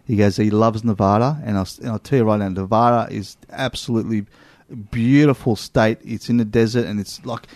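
A man with an Australian accent, hosting a casual chat and telling animated travel stories full of asides. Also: on the low side, brisk, dry recording. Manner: animated storyteller, lots of "you know what?".

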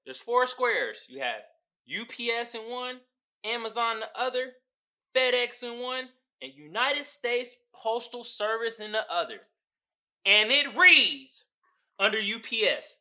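A man's voice: very high-pitched, expressive, measured pace, sharp tone. A man hosting a podcast, riffing casually on memes with profane slang and frequent laughter. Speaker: podcast host. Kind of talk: casual comedic commentary on memes.

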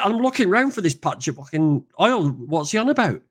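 A man's voice: sits high, big pitch swings, fast talker, husky. Blunt rambling Yorkshire man. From England. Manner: blunt, rambling, repeats himself. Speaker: co-host. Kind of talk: casual podcast chat.

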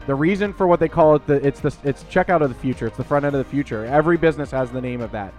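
A man's voice: mid-range voice, racing, darkish tone, soft background music. A man co-hosting a casual podcast, arguing his points and explaining at length. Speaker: podcast co-host. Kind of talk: casual chat.

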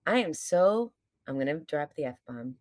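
A woman with a deep, low-set speaking voice talks as a podcast guest in casual conversation. She is earnest and reflective, speaks candidly and lets the odd curse slip. The sound is dry and close, with no room around it. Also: expressive, measured pace, a little mellow, no echo. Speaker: stage performer. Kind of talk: casual chat.

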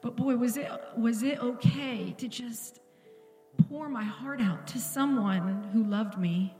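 A woman's voice: a little high, slow, dark tone, reverberant, long reverb tail, faint music behind. A woman pastor giving an earnest, intimate sermon in a church, at times dropping to a whisper. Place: church sanctuary.

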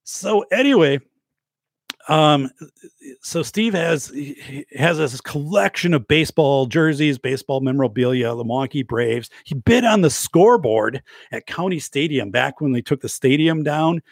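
A man's voice: medium pitch, expressive, moderate pace, vocal fry, no room sound, clean studio sound. A man in his forties, a podcast host telling a rambling story in casual livestream chat, full of restarts and repeats. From Wisconsin, US. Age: 40s. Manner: rambling, self-interrupting storyteller with many restarts.

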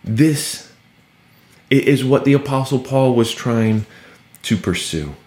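A man's voice: mid-range voice, slow, roomy sound. A man preaching a sermon, explaining a scripture passage with sarcasm and acting out quoted lines. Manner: animated, sarcastic at times, acts out quoted speech.

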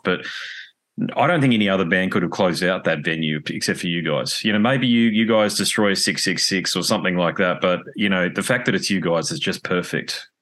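A man's voice: deep voice, fairly bright tone. A man interviewing a guest, talking in a friendly, rambling way with restarts. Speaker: radio interviewer. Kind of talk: casual interview chat.

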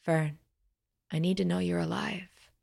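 A woman voicing a young male fighter who speaks gently and reassuringly to his love. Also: on the low side, fairly even intonation, unhurried, gravelly, full character voice. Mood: tender. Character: young man fighter, tender and protective.

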